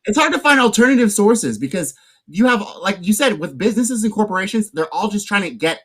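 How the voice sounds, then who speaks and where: A man hosting a casual political livestream chat, excitable and hot-headed, often repeating himself and swearing. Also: high voice, fairly quick, slightly rough. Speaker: livestream host.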